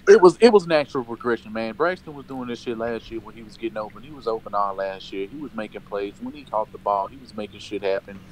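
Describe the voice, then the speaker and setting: A man's voice: on the low side, fast, hardly any pauses, a bit bright, slight background noise, rough recording. A man co-hosting a casual sports debate, emphatic and profane, hammering his points with repetition. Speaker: sports talk co-host.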